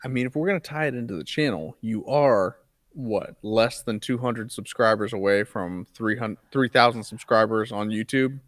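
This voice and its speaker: A man co-hosting a casual podcast, chiming in with quick, chatty remarks. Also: lowish voice, fairly bright tone, no echo, clean studio sound. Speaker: podcast co-host.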